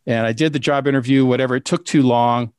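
A man telling a personal story in a casual, halting way, with many fillers and restarts. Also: mid-range voice, fairly even intonation, clean tone, no room sound, clean studio sound. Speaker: storyteller recounting a ghost experience. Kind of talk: casual spoken anecdote.

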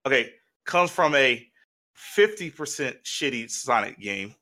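A man co-hosting a podcast in casual chat, rambling and excitable with lots of restarts. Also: medium pitch, a little slow. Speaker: podcast co-host.

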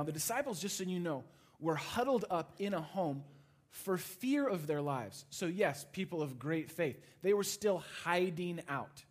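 A man preaching a sermon, moving between animated passages and hushed, intimate ones. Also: fairly high pitch. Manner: dynamic preaching, swings from loud to hushed. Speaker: pastor.

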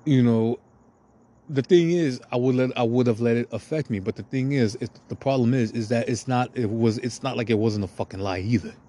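A man's voice: mid-range voice, fairly quick, mellow. A man talking in a profane, meandering, self-deprecating monologue as a podcast host. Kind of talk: rambling confessional monologue.

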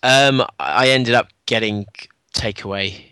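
A man on a podcast telling a story in casual chat, animated, acting out the dialogue and laughing often. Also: lowish voice, measured pace, smooth, no room sound.

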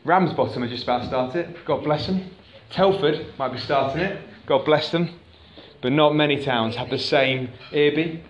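A man's voice: on the high side, moderate pace, lo-fi sound, slight background noise. Man preaching in an echoey church. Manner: conversational, asks the congregation questions. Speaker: pastor. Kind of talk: sermon. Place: church hall.

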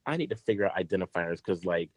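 A man's voice: low voice, animated, fast talker, no room sound. A man co-hosting a podcast, telling a long story in casual, profane chat, full of fillers and restarts.

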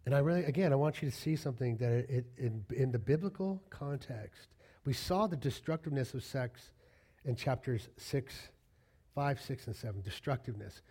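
A man's voice: mid-range voice, animated, moderate pace, mellow, breathy edge. A man preaching a conversational sermon to his congregation, acting out little quoted exchanges as he goes. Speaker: pastor.

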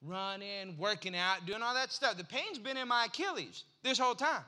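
This pastor, a man in his forties, has an expressive voice that sits high, sounds pushed and bright, and keeps a moderate pace. He preaches in a chatty, story-driven way, acting out brief exchanges in his anecdotes.

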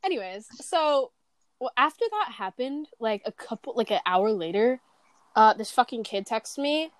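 A woman's voice: fairly high pitch, animated, moderate pace, dry recording. A teenage girl in casual chat, rambling and swearing, with many fillers and restarts. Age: teens. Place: bedroom.

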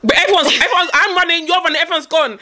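A woman in casual chat, excitable, reacting loudly and laughing. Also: very high-pitched, racing.

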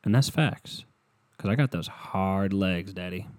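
A man's voice: sits low, unhurried, no room sound. A young man hosting his own podcast, rambling and swearing casually with self-mocking humor, speaking into a headset at home. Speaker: podcast host. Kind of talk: casual solo podcast rant.

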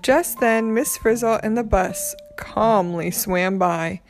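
A woman reading a children's picture book aloud, narrating gently and clearly. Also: mid-range voice, slow pace, faint music behind. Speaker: storybook reader.

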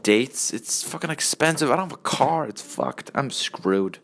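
A young man in his early twenties rambles through a solo vlog. His speech is profane and meandering, and he keeps cutting himself off mid-thought. His voice sits at an ordinary male pitch but moves up and down a lot. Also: lively intonation, measured pace, a bit bright. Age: early 20s. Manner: profane, meandering, self-interrupting. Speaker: vlogger.

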